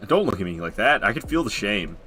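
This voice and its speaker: Lively low-voiced male game streamer. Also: a little fast, a little hiss or hum. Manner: excitable, animated, laughing and groaning at the game. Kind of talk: live gameplay commentary.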